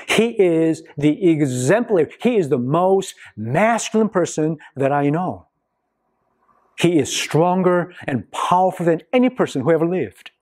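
A man preaching a sermon to his congregation in a church, slow and emphatic, with long pauses between phrases. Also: fairly high pitch, darkish tone, breathy edge. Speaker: pastor. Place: church sanctuary.

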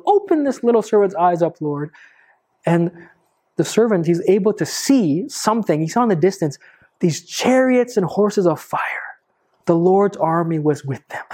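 A woman preaching a sermon, telling stories with lively swoops up in pitch for emphasis. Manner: expressive storytelling, swooping up for emphasis.

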